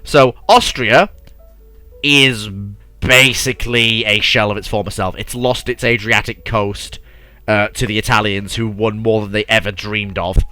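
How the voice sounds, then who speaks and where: A man's voice: fairly low pitch, fairly even intonation, measured pace, bright, forceful tone, no room sound, soft background music. A man hosting a casual chat about alternate history, eager and restarting his sentences, full of fillers. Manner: eager, talks over himself, many fillers like "like". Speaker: podcast host.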